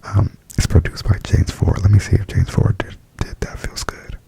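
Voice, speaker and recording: Whispering man with a deep, gravelly voice. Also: level tone, moderate pace, dark tone, low-quality recording. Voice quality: whispery, breathy. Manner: chatty, gushing, full of "like" fillers. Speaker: ASMR music reviewer. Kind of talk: soft-spoken and whispered ASMR review.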